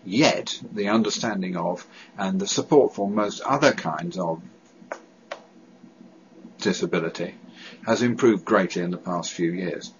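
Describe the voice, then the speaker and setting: A man with a very low voice speaks earnestly about his own experience, stammering and restarting words as he goes. The recording is dull and lo-fi, with a faint hiss of background ambience. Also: measured pace, long pauses. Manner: stammers, with hesitations, repeated sounds and restarts. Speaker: person who stammers giving a personal testimony. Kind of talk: earnest personal statement to camera.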